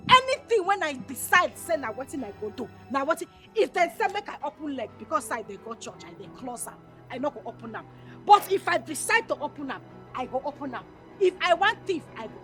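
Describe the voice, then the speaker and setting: A woman's voice: fairly quick, soft background music, full character voice. An actress playing a brash, defiant young woman who speaks Nigerian Pidgin in a Nollywood film. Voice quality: high, lively, swaggering Pidgin talk.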